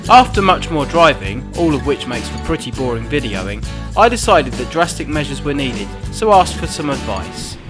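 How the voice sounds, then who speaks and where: A man's voice: medium pitch, very animated, normal speed, hardly any pauses. A man giving a scripted voice-over narration for his own vlog, with a wry tone. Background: music.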